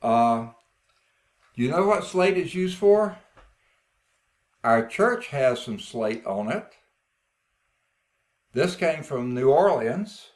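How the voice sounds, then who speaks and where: A man's voice: medium pitch, expressive, slow pace, long pauses, darkish tone. A man teaching a geology class, showing rock samples in a folksy way and often checking in with "okay?", sometimes admitting he is unsure. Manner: thinks aloud, admits uncertainty. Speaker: geology instructor.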